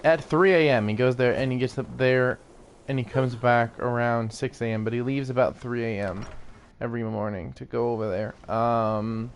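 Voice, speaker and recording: Playing through a video game, this YouTuber keeps up loose, rambling commentary, laughing frequently and cursing here and there. He talks at a moderate pace in a steady, medium-pitched voice, with a little background noise.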